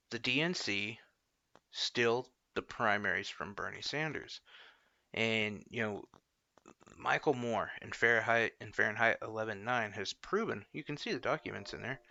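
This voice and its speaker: A man's voice: medium pitch, lively intonation, measured pace, vocal fry, long pauses, bright, forceful tone, dry recording, dull audio. A man hosting a casual political commentary show, opinionated and rambling, full of fillers and short laughs.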